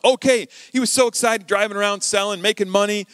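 A man preaching a sermon, telling a story and acting out the dialogue with lively shifts of voice. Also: sits high, fast talker, few pauses, no room sound. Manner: animated, acts out quoted dialogue.

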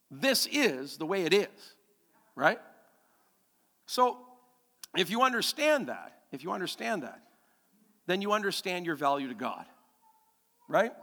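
Animated preacher man with a high voice. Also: long reverb tail. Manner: animated, emphatic, repeats key phrases, asks the congregation questions. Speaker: pastor. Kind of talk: sermon. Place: church.

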